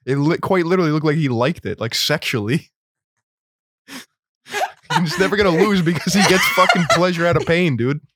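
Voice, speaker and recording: A man's voice: on the high side, moderate pace, long pauses, a bit bright, no echo. A man co-hosting a casual podcast, incredulous and sarcastic, laughing often, on a close mic. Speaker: podcast co-host.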